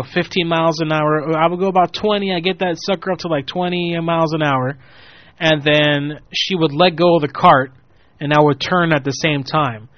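A young man tells a long, loose story on a show, cursing freely and switching into the voices of the people in it. His voice sits a little high, with no room echo, and the recording sounds dull and lo-fi. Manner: rambling, profane, animated quoting of people. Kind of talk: casual storytelling. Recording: muffled lo-fi audio.

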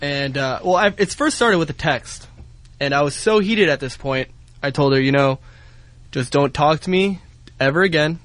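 A man's voice: a little high, normal speed, fairly bright tone, no echo. Young man in a dry studio, chatty and rambling, telling his story on air. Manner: rambling, many fillers, heated retelling. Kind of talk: casual storytelling.

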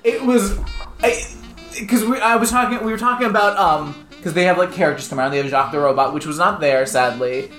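A man's voice: high-pitched, quick pace, fairly bright tone. A man co-hosting a casual chat, telling a story in a rambling way full of fillers. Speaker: podcast co-host. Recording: roomy echo with faint music.

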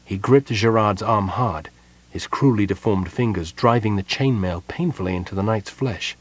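A man reading a story aloud as an audiobook narrator, with measured delivery. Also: on the low side, husky. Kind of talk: scripted narration.

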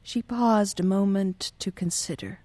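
A woman narrating a novel as an audiobook in a measured, calm reading. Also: mid-range voice, no room sound.

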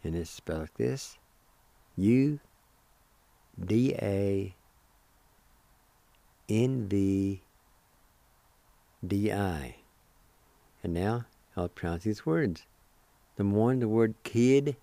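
A man's voice: on the low side, lively intonation, very slow, gravelly, long pauses, warm tone, no echo. A man hosting a radio language lesson, spelling words letter by letter and repeating each syllable with care. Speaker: radio host teaching Cherokee words. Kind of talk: slow, careful language lesson.

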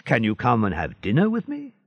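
A man's voice: medium pitch, huge pitch swings, fairly quick, vocal fry, slightly rough, no echo, lo-fi sound, heavily acted. A man voicing a kindly, fatherly ship owner in a storybook reading. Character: older male ship owner, kindly and warm.

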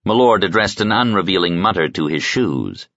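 Deep-voiced male audiobook narrator. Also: expressive, moderate pace, fairly bright tone, no room sound, dull audio.

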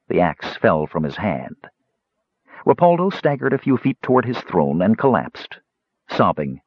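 A man reading a fantasy novel aloud as audiobook narrator, expressive and voicing the characters. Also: medium pitch, breathy edge, no room sound. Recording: dull lo-fi dry recording.

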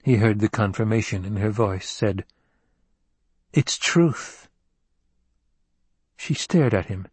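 A man narrating a novel as an audiobook in an even, unhurried storytelling manner. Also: on the low side, slightly rough, no echo. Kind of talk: scripted narration.

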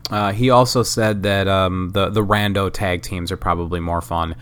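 A man's voice: deep voice, fairly even intonation, moderate pace, fairly bright tone, clean tone. A man hosting a casual solo podcast, talking loosely with fillers, swearing and self-mocking asides. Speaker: podcast host. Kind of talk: casual solo podcast narration of a wrestling sim game.

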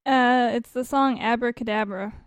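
A woman's voice: on the high side, steady tone, moderate pace, clean tone, dry recording. A woman co-hosting a podcast in casual chat, giggly and rambling, searching for words. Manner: giggly, rambling, lots of fillers. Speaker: podcast co-host.

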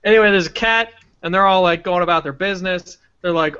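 A man on a casual podcast, retelling a movie in a profane, animated way. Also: high voice, quick pace, clean tone, highs cut off. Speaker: podcast co-host.

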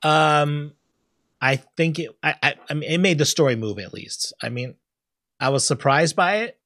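A man co-hosting a podcast in a casual chat, animated, often laughing and acting out scenes in loud high bursts. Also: normal speed, dry recording, clean studio sound. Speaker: podcast co-host.

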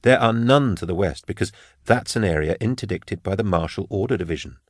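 A man reading the part of a wry male forensic scholar with a dry wit, explaining in a measured way. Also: low voice, animated, no room sound. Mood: insistent. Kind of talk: audiobook character reading.

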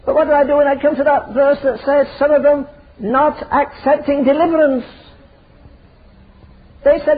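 A man's voice: extremely high pitch, steady tone, moderate pace, long pauses. An older man preaching a fiery, emphatic sermon full of rhetorical questions. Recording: tinny phone-like sermon recording.

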